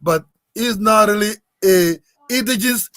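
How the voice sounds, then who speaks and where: Insistent African-accented man, high voice. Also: moderate pace, bright, forceful tone, no echo. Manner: repeats "you understand me", insistent. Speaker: panelist. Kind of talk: heated panel debate.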